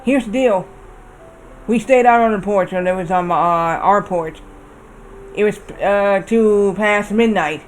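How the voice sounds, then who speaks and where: A man's voice: high-pitched, a little slow, faint music behind, rough recording. A man streaming a game, chatting casually and telling a long rambling story that circles back on itself. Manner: rambling storyteller, repeats himself. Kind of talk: casual chat while gaming.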